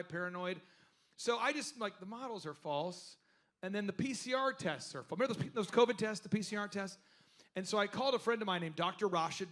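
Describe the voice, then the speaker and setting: A man hosting a live business workshop, telling stories and asking the audience questions in an animated way. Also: sits high. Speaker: host.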